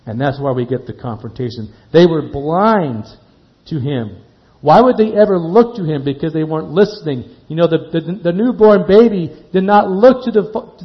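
Male preacher, fairly high voice, slows and hushes for emphasis; muffled lo-fi recording. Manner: slows and drops to a hush on key words, then rises. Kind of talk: sermon. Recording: dull lo-fi sound.

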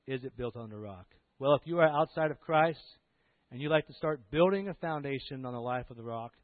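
A man preaching a sermon, telling a story that swells to loud emphatic peaks and drops to soft low passages. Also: dry recording. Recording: tinny phone-like sound.

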